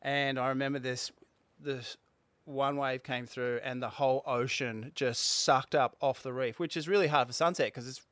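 Aussie ex-pro surfer, middle-aged, clear smooth tone, chatty, rambling, laughs often. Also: male voice, medium pitch, steady tone, normal speed, fairly bright tone, no room sound. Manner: rambling, restarts, laughs mid-story. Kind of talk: casual storytelling chat.

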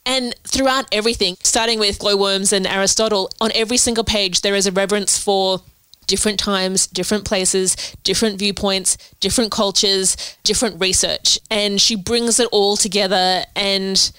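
A woman co-hosting a podcast, talking through a book in a thoughtful, measured way. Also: medium pitch, steady tone, pushed and bright, clear, resonant tone, no echo, poor audio. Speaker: podcast co-host. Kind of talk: casual book discussion.

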